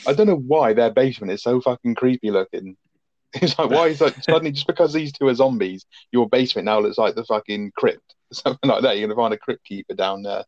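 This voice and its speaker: Man, casual film chat, sweary, fast-paced, dry dull recording. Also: medium pitch, no echo. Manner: sweary, animated, quick-talking. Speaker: podcast co-host.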